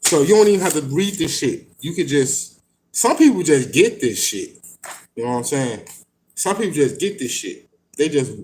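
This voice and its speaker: A man reading passages from a book aloud and then riffing on them in blunt, slangy, profane casual talk. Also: on the high side. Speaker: host reading and commenting on an occult book.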